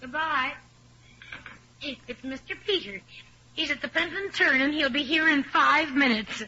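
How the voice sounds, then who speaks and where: A woman playing a plain-spoken housekeeper in a 1950s radio drama, talking in a plain, unhurried way. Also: sits high. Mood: matter-of-fact. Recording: lo-fi old radio recording.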